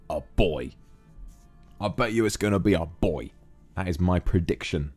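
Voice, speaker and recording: A man's voice: deep voice, expressive, a little fast, a little mellow, husky, faint music behind. A man chatting casually on a livestream, reading viewer donations and calling them darling. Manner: affectionate, calls viewers darling.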